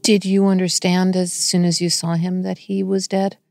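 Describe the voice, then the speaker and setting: A woman interviewer asking gentle, probing questions. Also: lowish voice, little pitch movement, normal speed, creaky.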